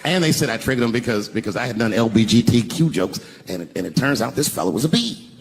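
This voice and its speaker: A male stand-up comedian telling a story on stage, dropping to a hush and then shouting the punchlines. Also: mid-range voice, expressive, quick pace. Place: large theater stage with an audience. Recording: reverberant venue sound with crowd noise. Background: audience laughter.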